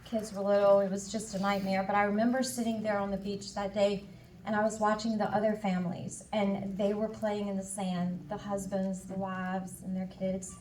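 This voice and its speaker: A woman's voice: medium pitch, flat delivery, normal speed, a little mellow, a little hiss or hum. A woman giving a candid personal testimony at a conference, acting out her own past dialogue and inner voice. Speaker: conference speaker. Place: conference hall. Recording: echoey hall, voice from far off.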